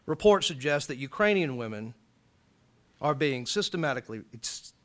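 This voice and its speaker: A man from Alabama giving an impassioned college lecture, rising loud and high when he reads out quotes. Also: expressive, normal speed. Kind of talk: public lecture.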